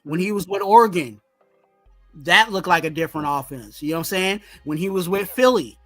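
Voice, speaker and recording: A man in casual sports talk, excited and repeating "you know what I'm saying" as he breaks down his team's offense. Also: high voice, brisk, dry recording, faint music behind. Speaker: podcast co-host.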